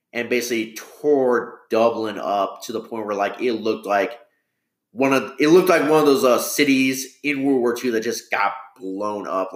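A man's voice: medium pitch, a bit bright, reverberant. A man casually explaining a piece of history in a rambling way, full of fillers and self-corrections. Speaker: history talker.

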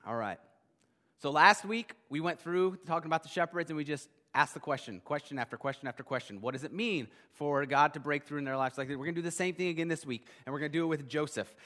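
A man preaching a sermon as pastor, conversational and animated, with many restarts. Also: a little high, quick pace. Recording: long hall reverb.

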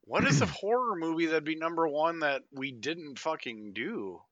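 A man's voice: on the high side, lively intonation, moderate pace, a bit bright, slight background noise. A man co-hosting a podcast, guessing films in a playful way and swearing casually. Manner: playful, swears, laughs easily. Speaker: podcast co-host. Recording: dull, lo-fi dry podcast audio.

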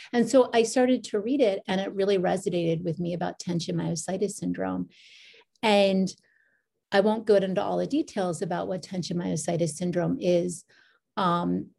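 A middle-aged woman, a podcast guest, telling her story in a meandering, casual way with restarts and lively quoted asides. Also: on the low side, creaky, breathy edge.

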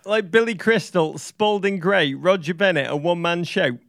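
A man co-hosting a podcast, telling an excitable, rambling story in casual chat. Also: high voice, moderate pace, gravelly, dry recording, clean studio sound. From England. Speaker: podcast co-host.

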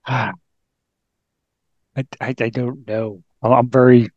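A man co-hosting a podcast, his voice sitting at an ordinary middle pitch. He weighs his opinions aloud, pausing and repeating himself, and the sound is dry and close. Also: level tone, a little mellow, no echo, highs cut off. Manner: hesitant, halting, repeats words. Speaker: podcast co-host. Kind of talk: casual movie review chat.

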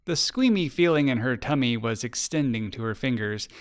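A man, the author, narrating his children's story in an expressive, measured way. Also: mid-range voice. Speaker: author reading his book.

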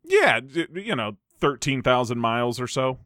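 A man co-hosts a casual movie review podcast with a medium-pitched, fairly bright voice that swings widely in pitch, speaking at a moderate pace. Recorded dry with clean studio sound, he makes wry, sarcastic remarks.

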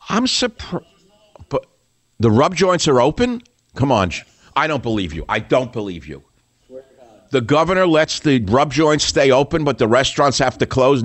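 A man hosting a talk radio show, ranting sarcastically and combatively, his pitch leaping up when he mocks. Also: no room sound.

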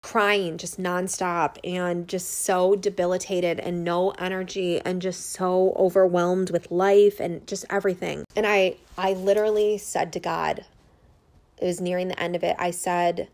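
A woman's voice: lowish voice, little pitch movement, measured pace, a little mellow. A woman in her thirties speaking earnestly and openly to her viewers as a holistic healer, unscripted and full of fillers. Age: 30s. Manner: unscripted, rambling with many fillers. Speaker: holistic healer and business owner. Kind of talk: personal testimonial vlog.

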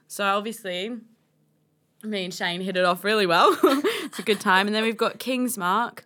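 A woman's voice: mid-range voice, animated, a little slow, bright, forceful tone. Laughing, swearing young woman. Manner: laughing, profane, teasing. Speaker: podcast co-host reading dating app chats. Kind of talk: casual chat.

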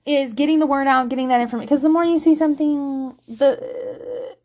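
A woman's voice: high voice, animated, brisk, a little mellow. A middle-aged woman talking candidly to camera about parenting, blunt and profane, with lots of filler words. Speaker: parent vlogger. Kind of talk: candid casual monologue.

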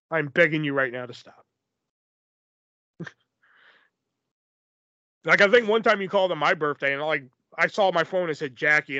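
A man's voice: fairly high pitch, sharp tone, dry recording. A man hosting a podcast, telling stories in casual chat, rambling and swearing with lots of fillers. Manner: profane, rambling, filler-heavy. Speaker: podcast host. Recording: dull lo-fi, dry.

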